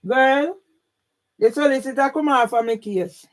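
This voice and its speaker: Jamaican lady ranting on a livestream, fired up, yells and cusses, keeps asking yeah?. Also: high-pitched, unhurried. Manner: emphatic, often shouting and swearing, with frequent "yeah?" tags. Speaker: YouTube livestreamer. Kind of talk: live-stream rant.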